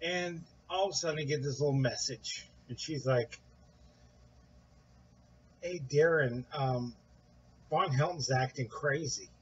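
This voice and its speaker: Husky man telling a rambling story. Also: measured pace, pauses often, muffled recording. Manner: rambling, animated, quotes others in higher voice. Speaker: guest recounting events. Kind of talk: casual storytelling.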